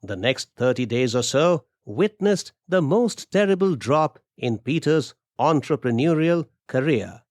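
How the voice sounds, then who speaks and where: A male narrator reads a story in a slow, steady, deliberate voice. His pitch sits in a middle range, and the recording is dry and close with no room sound. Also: dry recording. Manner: measured, deliberate.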